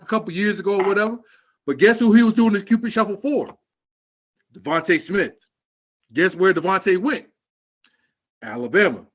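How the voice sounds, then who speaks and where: A man with a fairly high voice rants about sports in loose, slangy podcast talk. He jokes and teases as he goes, keeping it casual and lively. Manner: animated rant, slangy and joking. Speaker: podcast co-host.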